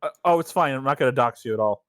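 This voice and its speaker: A man's voice: mid-range voice, rapid-fire, fairly bright tone, no room sound. A man co-hosting a podcast, chatting in an offhand, meandering way and swearing casually. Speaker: podcast co-host.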